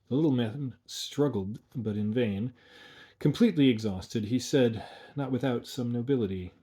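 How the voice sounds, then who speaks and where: A man narrating a dark old storybook aloud, measured and hushed. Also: on the low side, husky.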